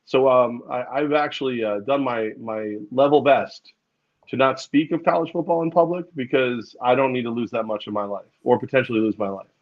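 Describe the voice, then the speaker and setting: A man's voice: medium pitch, fairly even intonation, a little fast, highs cut off. A male co-host from New York State chatting casually about sports, rambling and hesitant, laughing often. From New York State, outside the city.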